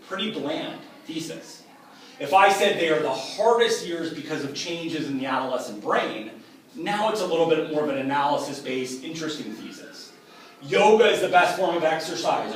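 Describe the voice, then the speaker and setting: Upbeat, emphatic male teacher, slightly high voice, miked from afar in a very echoey room. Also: expressive, moderate pace, slight background noise. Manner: upbeat, emphatic, contrasts weak and strong examples. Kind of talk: explanatory lecture. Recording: echoey room from a distance with faint ambience.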